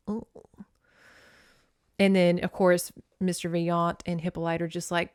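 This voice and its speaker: Young woman podcast host, frank and opinionated, smooth clear voice, dry close sound. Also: on the low side, unhurried, long pauses, no room sound. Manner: candid, opinionated, swears freely. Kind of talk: casual book recap.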